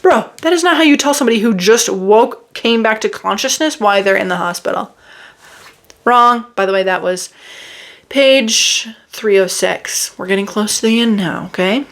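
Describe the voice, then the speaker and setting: A woman's voice: mid-range voice, moderate pace. A woman reviewing a book in a casual, sarcastic and exasperated way, reading quotes aloud and picking them apart.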